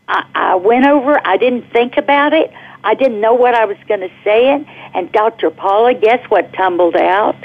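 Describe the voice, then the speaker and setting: A middle-aged woman calling in to a radio talk show, telling a personal story with animated energy and laughing as she goes. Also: a little high, moderate pace. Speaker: caller guest. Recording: tinny phone line.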